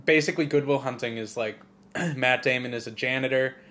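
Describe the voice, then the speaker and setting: A man co-hosting a podcast, telling movie stories in a profane, rambling, animated way. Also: mid-range voice, fairly quick. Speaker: podcast co-host. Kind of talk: casual chat.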